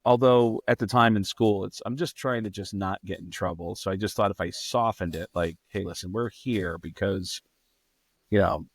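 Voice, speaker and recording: A man, a comedian guest, telling stories in a lively way and swearing freely. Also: low voice, normal speed, no room sound. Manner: acts out quotes in raised voices, swears freely. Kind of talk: animated storytelling.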